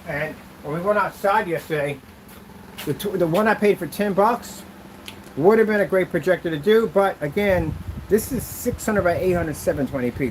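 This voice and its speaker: A man's voice: fairly high pitch, slight background noise, low-quality recording. A man hosting a casual product demo vlog, rambling loosely with asides as he shows projection screens. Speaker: channel host demonstrating projection screens.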